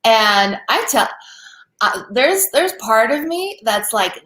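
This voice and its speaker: A woman's voice: fairly high pitch, very animated, slow, pushed and bright. A woman jokes wryly in a loose, casual way, full of fillers. Her voice rings in a roomy, echoey space. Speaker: panel guest. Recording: echoey room.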